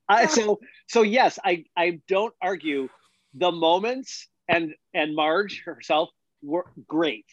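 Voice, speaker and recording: A man's voice: high-pitched, slow, dry recording, poor audio. A man co-hosting a podcast in casual chat, blunt and incredulous. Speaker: podcast co-host.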